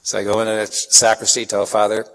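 A man's voice: on the low side, fast. A man from Chicago giving a sermon, telling folksy stories and acting out the people in them. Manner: folksy, animated anecdotes with acted-out quotes. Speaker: preacher. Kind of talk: sermon with storytelling. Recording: long hall reverb.

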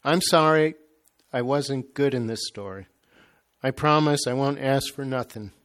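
A man's voice: medium pitch, unhurried, a bit bright, natural voice. A man reading a story aloud, voicing an earnest little girl pleading with her mother.

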